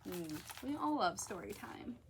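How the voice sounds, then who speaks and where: A woman's voice: mid-range voice, a little slow, background noise. A woman librarian reading a picture book aloud at children's story time, talking to the kids directly. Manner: animated, talks to children directly.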